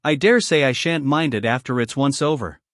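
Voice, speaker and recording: Brief: bashful tall young laborer, blunt and halting, read by a male narrator. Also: medium pitch, fairly bright tone, no room sound, studio quality, lightly acted. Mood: flustered. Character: shy, tall young working man, slow and blunt.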